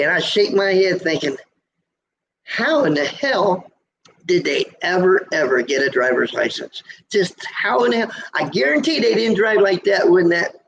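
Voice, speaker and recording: Gravelly high-voiced trucker, lo-fi stream. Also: male voice. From USA. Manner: folksy, teasing, preachy about road safety. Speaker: trucker vlogger hosting a live Q&A. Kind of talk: casual live-stream chat, reading viewer comments. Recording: dull lo-fi live-stream audio.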